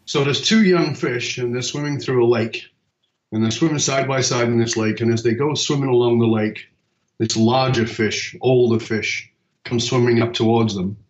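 A man's voice: mid-range voice, steady tone, moderate pace. Emphatic man coaching, echoey dull sound. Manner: emphatic storytelling, casual swearing. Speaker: purpose coach. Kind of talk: conversational podcast talk.

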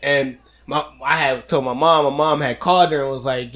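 Animated, laughing man telling a story. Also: mid-range voice, quick pace, hardly any pauses. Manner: animated, profane, laughing through stories. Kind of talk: casual storytelling chat.

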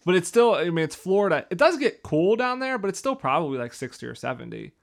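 A man's voice: high-pitched, sing-song, fast, vocal fry, background noise. A man from the northeastern United States, co-hosting a casual podcast and asking follow-up questions. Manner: conversational, asks follow-up questions. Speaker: podcast co-host. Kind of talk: casual chat.

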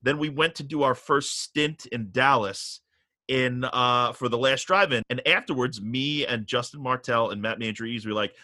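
A middle-aged man casually telling a long story on a podcast, animated and profane, getting riled up as he goes. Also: mid-range voice, no echo.

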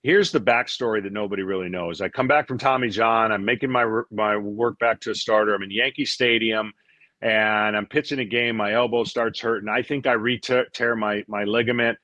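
A middle-aged man, a former pitcher, telling stories in a casual interview; he acts out what people said and often repeats words as he goes. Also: normal speed, no echo, muffled recording. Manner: animated storyteller, acts out quotes, repeats words.

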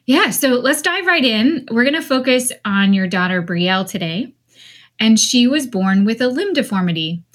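A woman's voice: a little high, animated, normal speed. Woman hosting an interview. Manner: gentle, guiding questions. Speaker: interview host.

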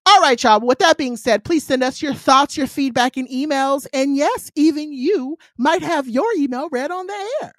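A woman co-hosting a casual podcast, talking playfully and dramatically, swinging from loud bursts to quiet asides. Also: high voice, normal speed, hardly any pauses, dry recording, studio quality. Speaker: podcast co-host.

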